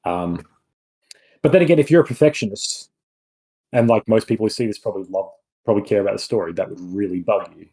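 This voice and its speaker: A man's voice: lowish voice, quick pace, long pauses, dark tone, husky, low-quality recording. A man co-hosting a film review podcast, talking in a rambling, casual way with many restarts and asides. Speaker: podcast co-host.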